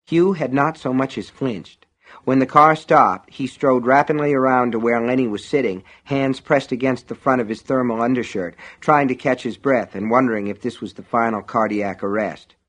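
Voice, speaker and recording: Male audiobook narrator, mid pitch, steady wry storytelling. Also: moderate pace.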